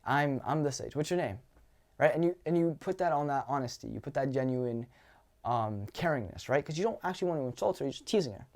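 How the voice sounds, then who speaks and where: A young man talking casually as a dating coach, animated and swearing, acting out lines from his own conversations. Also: mid-range voice, fast talker. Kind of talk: casual advice monologue.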